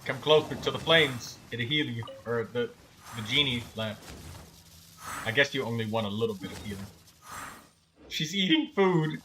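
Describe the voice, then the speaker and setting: A man's voice: mid-range voice, expressive, moderate pace, pauses often, pushed and bright, a little hiss or hum. A man streaming a game, chatting casually, swearing and laughing at his own jokes. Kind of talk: casual gameplay commentary.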